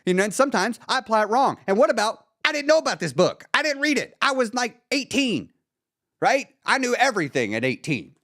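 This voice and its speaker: Male live-stream host, blunt and profane, lively pitch, dry mic. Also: a little fast, dry recording. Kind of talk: casual motivational talk.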